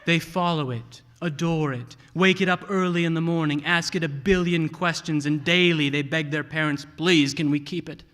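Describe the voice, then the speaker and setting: A man's voice: fairly high pitch, steady tone, normal speed, hardly any pauses, fairly bright tone. A man acting as host, giving a playful, mock-dramatic introduction of a reader to an audience. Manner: playful, theatrical build-up. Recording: long hall reverb.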